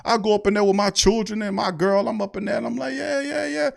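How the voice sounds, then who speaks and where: A man's voice: sits high, level tone, fast talker, vocal fry. Fired-up New man ranting. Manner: fired-up, preachy, profane, mocking imitations. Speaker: sports podcast host. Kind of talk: heated fan rant.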